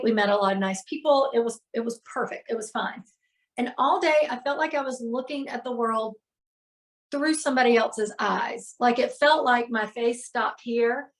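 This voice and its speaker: A middle-aged woman, a healer and podcast guest, candidly retelling a hard personal day with emotion and lots of fillers. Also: on the high side.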